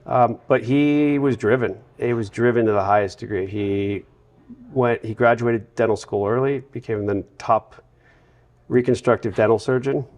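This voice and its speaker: A man from the United States, a guest in a casual interview, telling long run-on anecdotes with a relaxed storytelling manner. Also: medium pitch, normal speed. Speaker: podcast guest.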